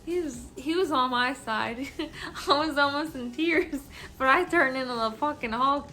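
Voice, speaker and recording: A tipsy woman vlogger telling a story in a casual, animated way and swearing freely. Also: sits high, unhurried.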